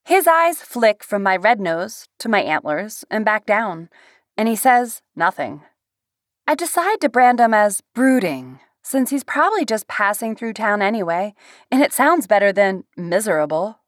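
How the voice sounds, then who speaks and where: A woman narrating a first-person novel aloud in an expressive storytelling manner. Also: medium pitch, a little slow, dry recording, clean studio sound.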